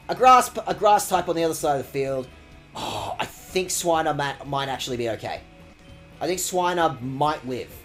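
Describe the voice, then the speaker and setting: A man talks over a game he is streaming, rambling and sarcastic, with jokey outbursts of mock outrage. His pitch swings widely from line to line, and faint music plays underneath. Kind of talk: sarcastic let's-play commentary.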